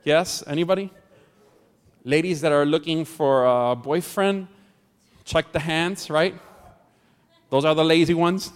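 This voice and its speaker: In a church hall with long reverb, a pastor preaches a sermon, telling a story and joking with the congregation. His voice is a little high, clear and resonant, and he speaks at a measured pace with frequent pauses.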